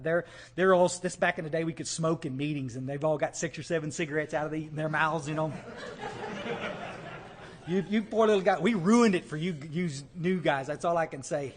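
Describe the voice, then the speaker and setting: A man telling his recovery story to a live meeting in a folksy, animated way, often checking in with the audience. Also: on the high side.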